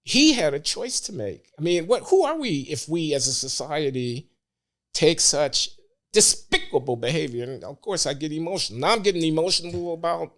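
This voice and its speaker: An older man, a podcast guest, speaking in a measured, deliberate way that becomes emphatic. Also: on the high side, animated, fairly bright tone. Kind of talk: interview conversation.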